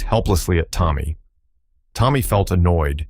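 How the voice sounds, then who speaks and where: A man narrating an audiobook in a measured, wry storytelling manner. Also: sits low, darkish tone, no room sound. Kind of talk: scripted narration.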